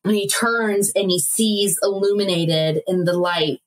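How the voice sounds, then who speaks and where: Husky-voiced woman recapping with laughs. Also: medium pitch, unhurried. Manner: animated retelling, laughing, acting out quotes. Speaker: podcast co-host. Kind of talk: casual recap chat.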